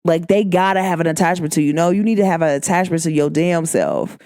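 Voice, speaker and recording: A young American woman from Cincinnati, Ohio, with a Midwestern accent, hosts a podcast as a casual monologue that is candid, emphatic, and full of slang. Her lowish, darkish voice is expressive, and she talks fast. The sound is clean studio audio with no echo.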